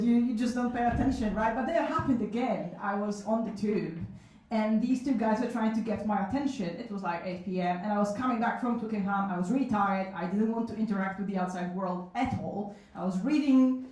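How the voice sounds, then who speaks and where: A woman's voice: a little high, darkish tone. A woman in her thirties telling comic stories at a live event, frank, self-mocking and chatty with asides. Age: 30s. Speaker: solo show performer telling stories. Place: small cafe event room. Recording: echoey room from a distance.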